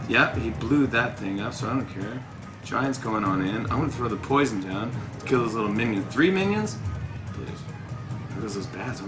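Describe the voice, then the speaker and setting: A man chatting through a mobile game match in a mid-range voice, swinging between mock outrage and gleeful gloating. His delivery is loose and playful, with music clearly playing behind him. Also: mid-range voice. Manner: excitable, playful trash-talking. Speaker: talk show host. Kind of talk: casual mobile game commentary.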